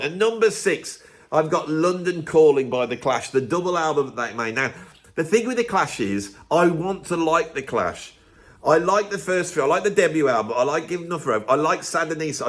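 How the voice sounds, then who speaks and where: A man hosting a music channel, delivering a grumpy, emphatic, opinionated rant to camera in a casual way. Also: a little high. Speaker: music video host.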